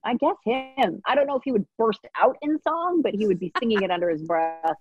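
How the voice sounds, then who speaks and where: Young actress, animated giggly storyteller, husky edge, dry close sound. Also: female voice, on the high side, brisk, dry recording, muffled recording. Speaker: actress interviewed about a series. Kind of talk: casual interview chat.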